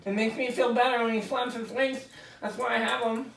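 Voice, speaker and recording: A man's voice: extremely high pitch, fairly even intonation, a little fast, fairly bright tone, slight background noise, pitched above the performer's own voice. A man voicing a fretful, whiny airplane passenger with a support pet, recorded in a roomy space from a distant mic.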